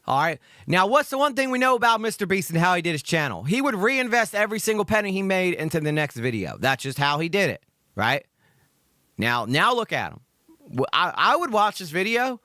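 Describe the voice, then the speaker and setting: A man from Georgia in the US, filling in as host of a live reaction stream, talking in a profane rant that swings to loud outbursts. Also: sits high, sing-song, brisk, no echo, clean studio sound. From Georgia, USA.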